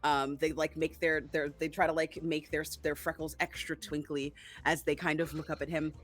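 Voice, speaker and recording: A woman's voice: low-pitched, little pitch movement, moderate pace, a bit bright. A woman playing a tabletop game, chatty and eager, describing her character's actions. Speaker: player. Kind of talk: casual tabletop play.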